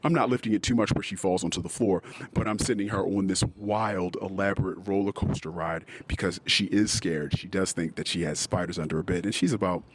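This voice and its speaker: Brief: a deep-voiced male podcaster, emotional and profane, over a clear noise bed. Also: fairly even intonation, brisk, few pauses. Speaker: podcast host. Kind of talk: personal monologue.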